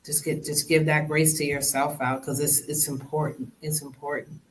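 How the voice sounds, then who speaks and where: A podcast host leading a conversational interview, speaking in a gentle, empathetic way. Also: medium pitch, flat delivery, normal speed, poor audio. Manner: gentle, empathetic, acts out quoted dialogue.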